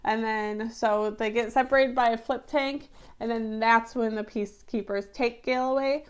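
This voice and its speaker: A woman vlogger giving casual, animated commentary on a film adaptation, chatty and often exasperated, with lots of fillers. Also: a little high, moderate pace, clean tone. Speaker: book-to-movie review vlogger.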